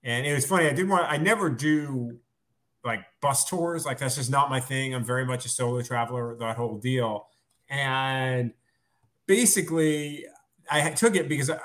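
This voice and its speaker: A man's voice: mid-range voice, normal speed, sharp tone. An American man, a sports journalist, chatting as a podcast guest, rambling and self-deprecating. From United States. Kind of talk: casual podcast chat.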